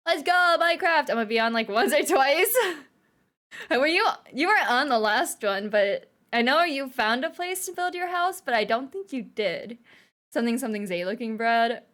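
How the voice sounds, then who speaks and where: A woman's voice: on the high side, expressive, normal speed, a bit bright. A young woman streamer chatting casually with viewers and reading their messages aloud, playful and laughing often. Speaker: livestreamer.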